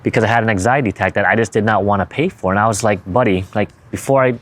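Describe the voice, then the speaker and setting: A man's voice: on the low side, very fast, fairly bright tone. A young man, a physical therapist, casually telling a personal story, rambling and correcting himself as he quotes himself and others. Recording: noticeable background noise.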